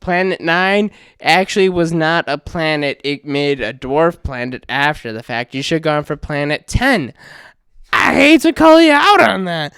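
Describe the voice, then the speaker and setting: A man's voice: on the high side, lively intonation, measured pace, a bit bright, clean tone, dry recording, studio quality. A man co-hosting a casual podcast, joking, ranting and swearing freely. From American Midwest. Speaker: podcast co-host. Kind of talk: casual radio chat.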